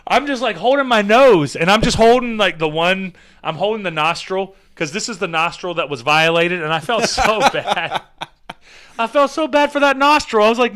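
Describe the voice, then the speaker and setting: A man hosting a podcast, telling a comic story in a rambling, animated way full of fillers and casual swearing. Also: high voice, normal speed, clean tone. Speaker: podcast host.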